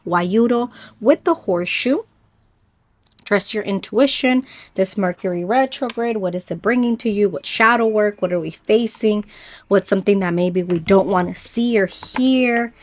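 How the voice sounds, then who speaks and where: A woman with a medium-pitched voice leads a pick-a-card spiritual reading. She speaks gently and reflectively, addressing her viewers directly. She pauses often and now and then trips over a word. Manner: unhurried with pauses and small stumbles. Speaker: oracle card reader.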